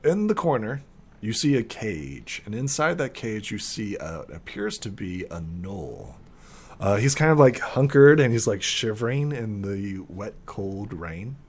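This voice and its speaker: Young male game master, lowish voice, rambling casual narration. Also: very animated, measured pace, breathy edge. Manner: rambling, heavy with fillers.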